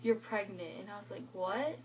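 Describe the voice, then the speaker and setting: A woman's voice: mid-range voice, moderate pace, slight background noise, low-quality recording. A teenage girl telling her own story as a vlogger, retelling conversations with lots of "like" and quoted lines. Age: teens. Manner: animated retelling with quoted dialogue, filler "like". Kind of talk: personal storytelling.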